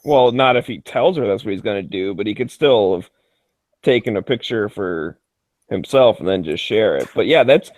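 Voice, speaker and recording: A young man co-hosting a podcast, bantering casually and arguing his point with quick hypotheticals. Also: on the low side, lively intonation, darkish tone, no echo. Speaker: podcast co-host. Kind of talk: casual chat.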